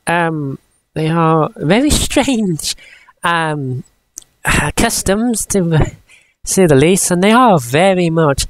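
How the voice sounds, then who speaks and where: A vlogger, telling stories in rambling casual chat that keeps interrupting itself. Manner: rambling, self-interrupting, often drops into high squealing impressions. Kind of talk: casual storytelling vlog chat.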